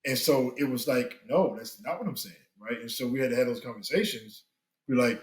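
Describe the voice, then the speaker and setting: A man's voice: medium pitch, a little fast, echoey room, poor audio. Earnest man with preacher-like emphasis. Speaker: guest, spiritual father. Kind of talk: candid podcast conversation.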